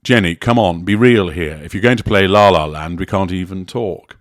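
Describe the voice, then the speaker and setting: A man reading the lines of a frustrated man who reasons insistently with his partner, in a low, dry voice. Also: moderate pace, dry recording, natural voice.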